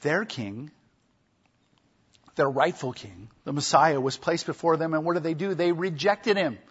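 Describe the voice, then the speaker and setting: A man's voice: fairly high pitch, measured pace, breathy edge, dull audio. A man preaching an expository sermon, emphatic, acting out the quoted speech of people in the story. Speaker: pastor.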